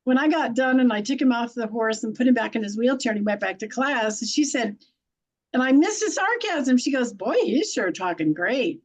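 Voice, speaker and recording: A middle-aged woman with a high voice tells stories in a blunt, folksy manner. She laughs easily and speaks in an unpolished, chatty way. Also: expressive, brisk, poor audio. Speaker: guest, intuitive and animal communicator. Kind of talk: conversational storytelling.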